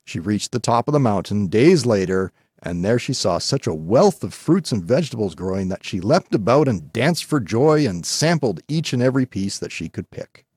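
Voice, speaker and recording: A man reading a folk tale aloud as scripted narration, calm and measured. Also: lowish voice, breathy edge, no echo, clean studio sound. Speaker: storyteller.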